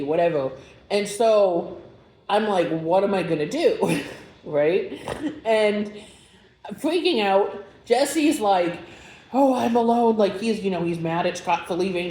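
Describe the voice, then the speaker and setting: A young woman telling a personal story in a casual vlog, rambling and emotional, with many filler words. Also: lowish voice. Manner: chatty, rambling, full of "like" fillers; emotional, animated retelling. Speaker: vlogger. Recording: roomy echo with faint background hum.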